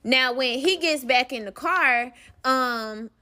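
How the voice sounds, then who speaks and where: A woman's voice: sits high, takes it slowly, sharp tone. A young woman telling a personal story in a casual vlog, candid and profane, calling the listener "baby".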